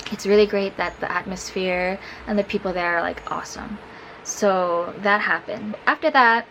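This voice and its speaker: A woman's voice: medium pitch, slight background noise, low-quality recording. A woman vlogger telling a personal story in a casual, chatty way, with many fillers.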